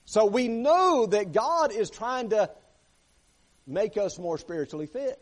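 Emphatic preacher man, slightly high voice. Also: animated, a little slow. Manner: emphatic, repeats phrases, asks "right?" and "amen?" of the congregation. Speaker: pastor. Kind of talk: sermon.

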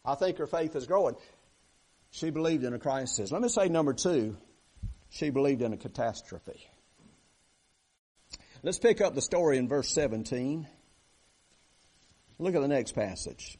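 A man preaching a sermon, reading scripture aloud and asking his listeners questions. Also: a little high. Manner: animated, asks the congregation questions, reads scripture aloud.

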